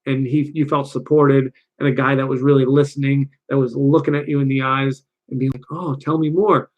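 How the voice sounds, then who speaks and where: A man giving a casual, energetic coaching talk straight to camera, often acting out quick quoted voices. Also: mid-range voice, highs cut off. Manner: energetic, conversational, acts out little quoted voices. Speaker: dating coach.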